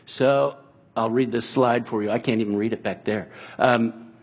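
A man preaching a sermon in an earnest, conversational way, dropping soft and slow at times. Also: medium pitch, fairly even intonation. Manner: earnest, conversational preaching with restarts and quiet, slowed passages. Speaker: pastor.

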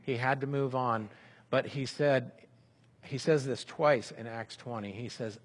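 A man giving a sermon in a relaxed, conversational way, speaking example prayers aloud as he teaches. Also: mid-range voice, a little slow. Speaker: pastor.

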